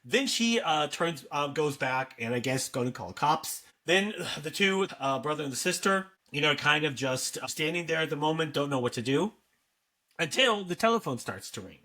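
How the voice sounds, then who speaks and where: A man co-hosting a casual podcast, walking through a movie's plot in a loose, rambling way. His voice sits a bit high and sounds bright and forward. He keeps ending his lines with a questioning "no?". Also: expressive, normal speed. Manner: ends many sentences with a questioning "no?"; loose, rambling recap with frequent "uh" and laughter. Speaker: podcast co-host.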